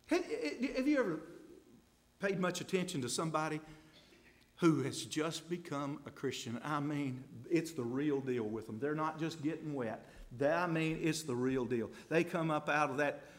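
A man preaching with real fire, his voice sitting high and leaping all over the place. He talks straight to the congregation in a folksy way. He drops to hushed asides, then builds to loud, ringing peaks. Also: lively intonation, normal speed. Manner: impassioned, swings from hushed to loud climaxes. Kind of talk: sermon.

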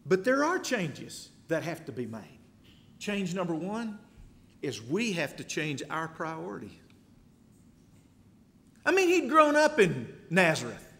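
A man preaching a sermon in an emphatic voice, building to loud exhortation. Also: a little high, huge pitch swings, takes it slowly, pauses often, long reverb tail, slight background noise.

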